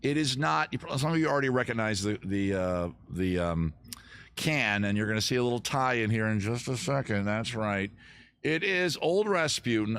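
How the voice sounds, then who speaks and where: A man's voice: mid-range voice, a bit bright, no echo. A middle-aged man hosting a casual livestream, joking and rambling in a self-mocking way. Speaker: host of a livestream music and beer show. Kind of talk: casual livestream chat and singing with guitar.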